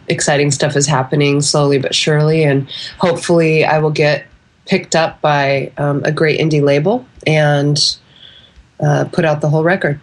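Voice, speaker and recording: A woman singer-songwriter speaking as an interview guest, her voice congested from a cold. She talks in a relaxed, meandering way, full of ums and restarts. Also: low voice. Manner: relaxed, rambling with many fillers. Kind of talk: casual interview.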